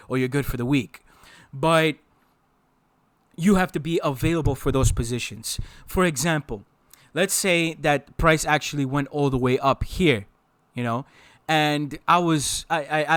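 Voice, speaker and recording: A man explaining trades in a casual, emphatic lesson, repeating key phrases to drive them home. His voice sits a little high for a man and sounds dry and close. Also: fairly bright tone, clear, resonant tone, no room sound. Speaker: trading instructor. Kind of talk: casual teaching over a chart.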